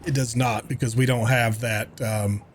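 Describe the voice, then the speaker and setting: A man from New York hosts a live game stream in a relaxed, chatty way, with a voice of ordinary pitch. He reads viewers' messages aloud and answers them, tossing in the odd curse. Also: normal speed, slight background noise. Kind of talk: casual live-stream chat while gaming.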